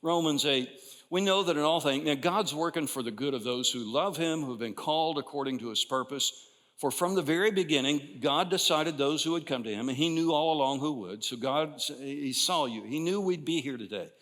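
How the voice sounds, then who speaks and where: An older man preaching a sermon in a church, conversational with frequent restarts, building to emphatic bursts and then dropping quiet. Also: fairly high pitch, brisk. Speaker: pastor. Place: church sanctuary. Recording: long reverb from a large church hall.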